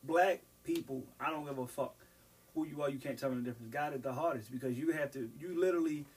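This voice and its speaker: A man with a somewhat high voice, heard from a little way off the mic. He speaks earnestly in a casual chat, recounting clips from the news. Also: fast talker, darkish tone, distant mic.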